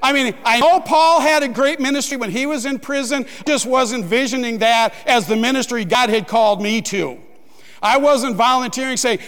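A man's voice: very high voice, normal speed, fairly bright tone, clean tone. A man preaching a sermon, telling a funny personal story and acting out his own panicked voice in the quotes. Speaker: pastor. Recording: long hall reverb.

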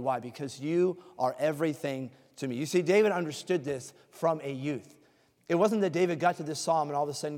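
A man preaching a sermon, reading scripture slowly and with emphasis, then explaining it in a conversational way. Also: on the high side, a little mellow. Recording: reverberant hall.

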